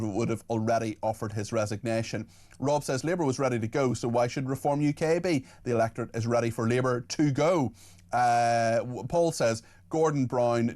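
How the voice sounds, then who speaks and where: A man hosting a radio phone-in, briskly reading out listener messages and talking with callers. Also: mid-range voice, a little mellow. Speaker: radio host.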